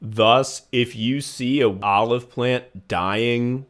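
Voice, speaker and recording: A man's voice: mid-range voice, extremely slow, a bit bright. A man co-hosting a podcast, telling a travel story in casual chat that is rambling, jokey and full of fillers and swearing. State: recovering from a virus. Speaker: podcast co-host.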